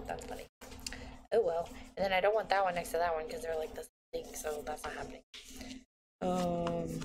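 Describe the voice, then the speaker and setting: A woman in her thirties from the United States, narrating a casual planner session while she works, chatty and mildly sarcastic, talking to herself. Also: lowish voice. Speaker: planner vlogger. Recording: noisy home recording.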